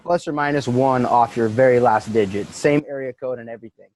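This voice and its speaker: A man's voice: medium pitch, brisk, darkish tone, a little hiss or hum, low-quality recording. A man co-hosting a podcast, chatting in an easygoing way, chuckling and saying "like" a lot. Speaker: podcast co-host. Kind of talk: casual chat.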